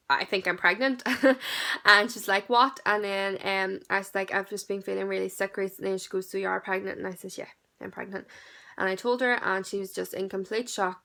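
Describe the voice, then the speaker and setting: A woman's voice: mid-range voice, creaky, sharp tone. A young woman in her late teens, telling a personal story in a chatty, candid vlog with lots of fillers. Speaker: vlogger.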